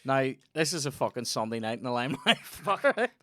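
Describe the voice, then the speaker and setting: A man's voice: medium pitch, fairly quick, slight background noise. A young Northern Irish man hosting a podcast, telling stories in casual chat and swearing freely. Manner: swears a lot, tells animated stories. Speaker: podcast host.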